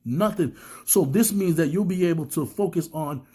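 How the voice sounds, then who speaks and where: A man's voice: on the high side, moderate pace, warm tone, breathy edge. A man giving a casual, rambling motivational talk to his viewers, slightly sick with a cough. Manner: rambling, repeats words, addresses viewers as guys. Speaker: self-help speaker.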